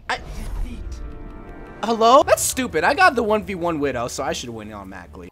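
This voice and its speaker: A young man giving goofy, excitable gameplay commentary into a desk mic, yelling and laughing at his matches. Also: fairly high pitch, fairly quick, long pauses, soft background music. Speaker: gaming YouTuber.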